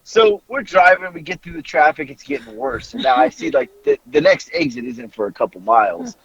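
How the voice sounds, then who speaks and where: A man's voice: fairly high pitch, sing-song, a little fast, gravelly, fairly bright tone, muffled recording. A man in his forties telling a long, profane story in a rambling, casual way on a podcast. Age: 40s. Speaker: podcast co-host.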